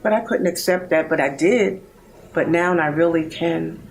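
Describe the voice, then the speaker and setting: Gravelly-voiced grieving woman in her sixties. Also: on the low side, soft background music, rough recording. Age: 60s. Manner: heartfelt, halting, grieving. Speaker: bereaved mother in a support program. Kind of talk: personal testimony.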